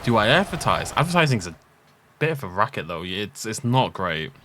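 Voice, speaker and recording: A man's voice: fairly low pitch, big pitch swings, moderate pace, pushed and bright, slight background noise. A young man giving casual, rambling, self-deprecating let's play commentary. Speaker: gaming YouTuber.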